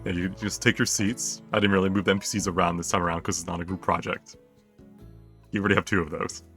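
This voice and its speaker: A man narrating a tabletop game as game master, in a relaxed, rambling way with fillers. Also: low-pitched, fast talker, faint music behind.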